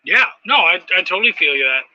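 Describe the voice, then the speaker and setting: Enthusiastic male host, high and very bright, profane, dull dry lo-fi sound. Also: very animated, fast talker, no echo. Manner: enthusiastic, profane, reads viewer comments. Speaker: podcast host. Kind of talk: casual interview chat.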